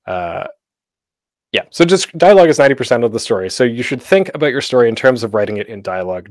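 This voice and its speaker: Chatty man giving a relaxed slideshow talk. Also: on the low side, dry recording, studio quality. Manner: chatty, many fillers, self-correcting. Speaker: convention panel host. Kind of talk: casual slideshow presentation. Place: home setup, online talk.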